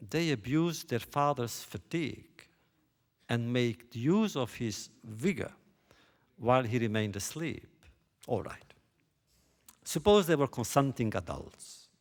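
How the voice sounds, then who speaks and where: Slow, questioning male lecturer. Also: medium pitch, creaky. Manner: rhetorical questioning, deliberate. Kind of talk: lecture on biblical text. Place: lecture hall stage.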